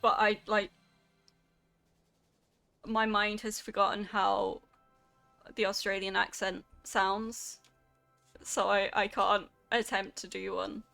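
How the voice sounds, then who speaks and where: A woman's voice: medium pitch, little pitch movement, slow pace, creaky, long pauses, pushed and bright, faint music behind. A woman streamer chatting casually with her viewers while she plays a game, reacting animatedly to their comments. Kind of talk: casual gameplay chat with chat.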